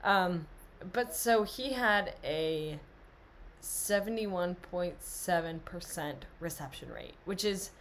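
A woman's voice: fairly low pitch, lively intonation, takes it slowly, slight background noise. A young woman hosting a casual, tipsy sports podcast, rambling, laughing and reading off stats. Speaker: podcast co-host.

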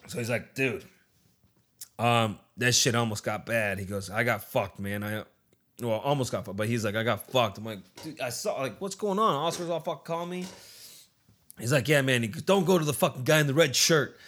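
A man's voice: mid-range voice, moderate pace, fairly bright tone. A man casually telling a long anecdote, rambling and swearing often, and acting out what his friends said. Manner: rambling, profane, acts out quoted friends. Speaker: storyteller.

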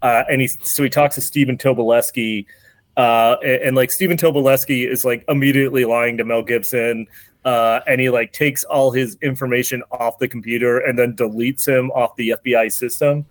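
A man's voice: mid-range voice, fairly even intonation, normal speed, dry recording. A man hosting a podcast, casually recapping a movie plot with lots of fillers and restarts. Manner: rambling, many fillers and restarts. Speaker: podcast host.

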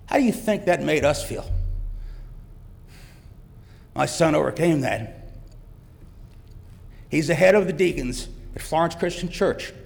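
A man's voice: on the high side, moderate pace, vocal fry, long pauses. A middle-aged man giving a heartfelt, emotional personal testimony in a church. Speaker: church guest speaker, father. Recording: long church reverb.

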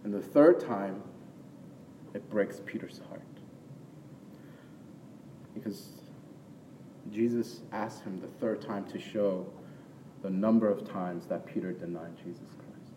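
A man's voice: lowish voice, takes it slowly, pauses often, background noise. A man preaching a sermon in a conversational way, often checking in with "right?" and rising into emphatic bursts. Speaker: pastor. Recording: long hall reverb, from far off, faint ambience.

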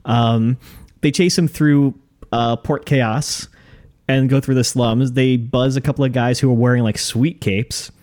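A man's voice: medium pitch, steady tone, darkish tone. Joking, crude male podcast host. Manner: joking, crude, quick recaps. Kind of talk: casual chat.

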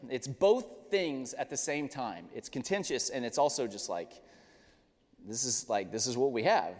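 Male pastor, animated, laughing storyteller, slightly high voice, reverberant church hall. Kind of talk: sermon with personal storytelling. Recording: long reverb of a large hall.

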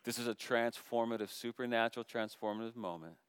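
A man, a middle-aged pastor, preaching a sermon that moves between loud impassioned calls and soft, hushed appeals. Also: mid-range voice, fairly quick, smooth, no echo, studio quality.

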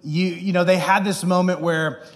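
High-voiced man telling a story in a hall. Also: moderate pace. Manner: animated, self-deprecating, acts out quoted people. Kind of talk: storytelling sermon.

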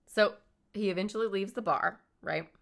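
A woman's voice: mid-range voice, moderate pace, vocal fry, a bit bright. A woman casually recounting a true-crime story as a podcast co-host, joking and swearing along the way. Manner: swearing, joking, playful mock voices.

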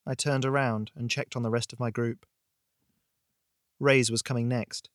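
A man hosting a fiction podcast, reading a tense horror story aloud in a dramatic, measured way. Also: medium pitch, fairly even intonation, no echo, clean studio sound. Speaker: podcast host and narrator. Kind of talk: scripted audiobook narration.

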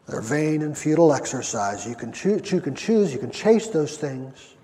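A pastor preaches in a hall with long reverb, his fairly high voice swinging widely in pitch with a dark tone. He moves at a moderate pace with few pauses, emphatic, stretching out phrases and repeating words to build his point.

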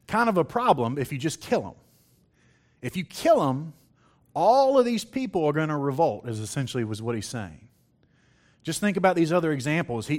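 Lively preacher man delivering a sermon. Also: medium pitch. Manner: lively, conversational, acts out quotes; reads scripture aloud.

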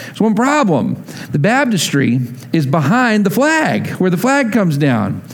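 A man's voice: high-pitched, unhurried. A man preaching a sermon, telling a personal story and acting out the dialogue of the people in it. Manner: animated storyteller, acts out dialogue. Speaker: pastor.

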